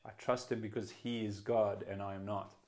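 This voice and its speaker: A man preaching a sermon as pastor, earnest and conversational, often restarting phrases and swinging between loud and hushed emphasis. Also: lowish voice, little pitch movement, moderate pace. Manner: voice swells then drops to quiet emphasis.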